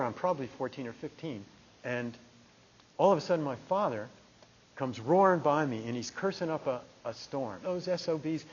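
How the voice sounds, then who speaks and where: A middle-aged man from New Jersey giving a meditation talk, telling a personal story in a lively conversational way. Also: mid-range voice. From New Jersey, USA. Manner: conversational, animated storytelling with restarts. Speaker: meditation teacher. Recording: dull lo-fi talk recording.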